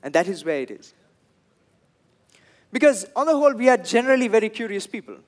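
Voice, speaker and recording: A young man with a Sri Lankan English accent performing a stand-up comedy set, telling stories and acting out the people in them in loud bursts. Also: high voice, brisk. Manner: animated storytelling, acts out quoted people in loud bursts.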